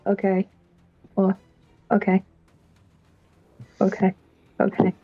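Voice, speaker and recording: A woman playing a tabletop game, chatting casually and giggling between hesitant thoughts. Her voice is at a middle pitch and sounds dry and close. The recording is a bit dull and muffled. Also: completely flat delivery, slow pace, no room sound, faint music behind. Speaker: player.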